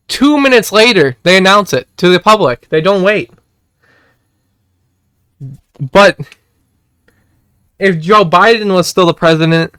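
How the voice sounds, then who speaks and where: A man's voice: sits high, clean tone, no room sound, clean studio sound. A young man streaming, ranting casually to his chat, repeating himself and swearing when he gets worked up. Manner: excitable, repetitive, swears and shouts when worked up. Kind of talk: casual political rant to chat.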